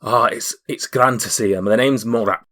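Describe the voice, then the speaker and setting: A man's voice: fairly low pitch, normal speed, a bit bright, husky. A man voicing a grateful, earnest male dwarf who stammers and repeats his words.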